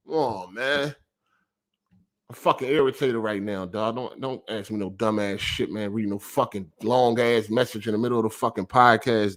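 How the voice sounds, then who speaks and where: A man's voice: medium pitch, fairly bright tone. A man hosting a livestreamed gaming podcast, ranting with heavy profanity and reading viewer super chats aloud. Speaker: podcast host.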